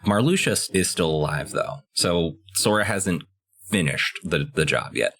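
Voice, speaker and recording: A man co-hosting a podcast, chatting casually about a video game and getting excited about key story moments. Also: unhurried, husky. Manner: excitable, pitch jumps high when enthused. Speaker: podcast co-host.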